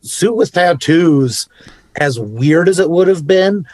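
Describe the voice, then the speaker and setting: A man's voice: a little high, lively intonation, slow pace, darkish tone, no echo. A man co-hosting a podcast in casual chat, giving laid-back, opinionated takes with loose asides. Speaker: podcast co-host.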